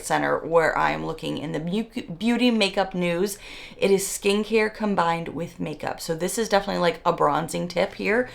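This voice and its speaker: Casting: woman beauty vlogger, low gravelly morning voice, excitable unboxing chat. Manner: chatty, excitable, reads labels aloud.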